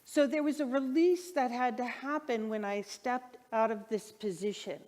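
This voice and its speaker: A woman's voice: fairly high pitch, normal speed, a little mellow. Middle-aged woman minister preaching in a reverberant sanctuary. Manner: conversational, heartfelt, asks the congregation questions. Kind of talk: sermon. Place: church sanctuary. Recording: long hall reverb in a sanctuary.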